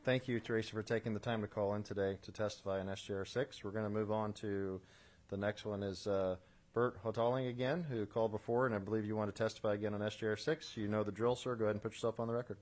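Brisk low-voiced male committee chair. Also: fairly even intonation, darkish tone. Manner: brisk, procedural, friendly. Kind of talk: chairing a public hearing.

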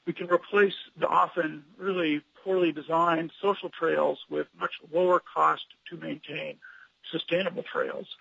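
A man giving earnest public testimony at a legislative hearing, advocating in a measured way with some hesitations. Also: on the high side, fairly even intonation, creaky, pushed and bright, breathy edge, no echo. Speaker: public commenter for a statewide trails nonprofit. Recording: dull lo-fi remote audio line.

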